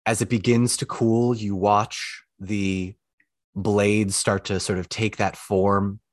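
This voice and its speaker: A man narrating a tabletop game as its game master, with lively descriptive storytelling. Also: fairly low pitch, no room sound, clean studio sound. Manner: descriptive, quick asides.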